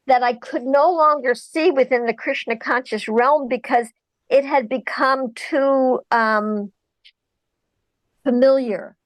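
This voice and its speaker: A woman's voice: sits high, no room sound, lo-fi sound. A woman in her forties, a guest recounting her inner journey in an earnest, searching way. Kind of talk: reflective personal account.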